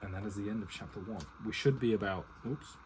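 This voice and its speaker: A man's voice: fairly low pitch, quick pace, darkish tone, slight background noise, rough recording. A man casually reading a novel aloud to his partner, stumbling on words, restarting and chatting in asides. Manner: stumbles, restarts and swears at misreadings.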